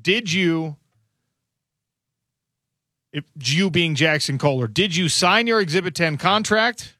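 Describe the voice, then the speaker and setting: A man's voice: on the high side, slow, pushed and bright, no room sound. A man hosting a sports radio show in a studio, musing aloud in a casual, conversational way. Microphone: studio microphone.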